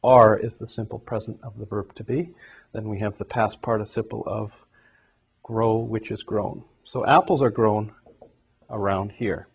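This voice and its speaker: A man teaching English grammar, explaining examples step by step in a steady classroom manner. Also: lowish voice, unhurried, vocal fry, slightly rough. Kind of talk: grammar lesson. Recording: dull lo-fi recording.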